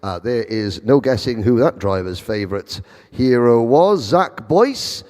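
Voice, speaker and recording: A man's voice: medium pitch, expressive, unhurried, a little mellow. A man giving live motorsport commentary, chatty with wry asides. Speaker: race commentator. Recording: long hall reverb.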